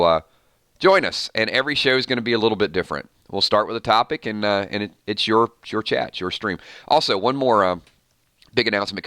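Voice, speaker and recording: A man's voice: on the low side, sharp tone, no echo, studio quality. A man hosting a casual live stream with his morning voice, rambling through viewer comments with fillers and restarts. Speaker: YouTube channel host.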